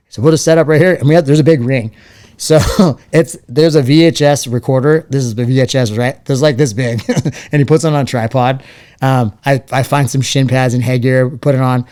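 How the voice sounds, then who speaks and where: Animated man in his late forties, storytelling. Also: medium pitch, quick pace. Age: 40s. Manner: animated storyteller acting out quoted voices. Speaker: interview guest, former fighter. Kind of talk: casual storytelling interview.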